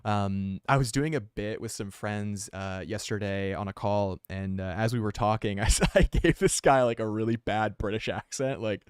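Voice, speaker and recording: A male artist talks through his drawing on a live stream, rambling and self-aware, with plenty of fillers. His voice sits somewhat low and sounds smooth. The desk mic gives a dry, close sound. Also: normal speed, few pauses, no echo. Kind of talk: casual live-stream chat while drawing.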